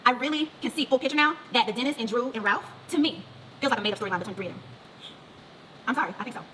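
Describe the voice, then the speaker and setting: A woman's voice: a little high, slight background noise, poor audio. A woman hosting her own vlog, chatting frankly and profanely about gossip to the camera. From Atlanta, United States. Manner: rapid, animated, frank and profane. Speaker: vlog host. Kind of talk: casual gossip chat to camera.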